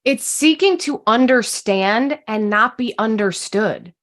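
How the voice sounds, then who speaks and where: A woman's voice: a little high, slow, a bit bright. A woman guest, a communication coach, talking passionately and emphatically in an interview. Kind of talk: interview conversation.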